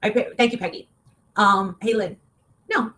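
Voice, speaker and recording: A woman talking in a heated, casual rant, swearing often and breaking into loud outbursts. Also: medium pitch, steady tone, moderate pace. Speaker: online show guest.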